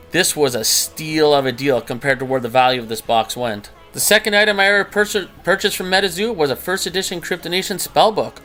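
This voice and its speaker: This man speaks with a fairly high, bright, forceful voice. A trading card collector who hosts his own channel, he talks casually over a screen recording about cards he bought in the past, sounding chatty and incredulous and often laughing at himself.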